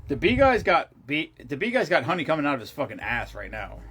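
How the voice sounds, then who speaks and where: A middle-aged man with a husky, slightly high-set voice chats loosely on a livestream. He rambles from story to story and swears offhandedly. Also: wildly swooping pitch, quick pace, fairly bright tone. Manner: rambling, profane storytelling with laughs. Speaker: livestream host. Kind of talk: casual livestream chat.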